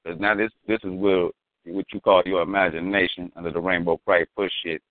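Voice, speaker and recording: Low-voiced man telling a rambling story. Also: flat delivery, a little fast, no echo. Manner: profane, rambling, slangy, philosophical. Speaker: storyteller guest. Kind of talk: casual storytelling. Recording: tinny phone-like, dry.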